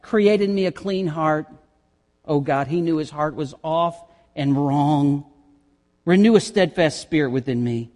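A male pastor preaching a sermon, reading scripture slowly and building to loud, impassioned climaxes. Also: a little high. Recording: long reverb of a sanctuary.

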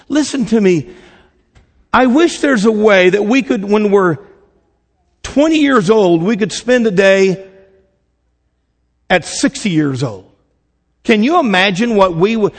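A man's voice: high voice, in a large hall. A man preaching a casual, conversational sermon, asking the congregation questions and acting out little quoted voices. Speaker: pastor.

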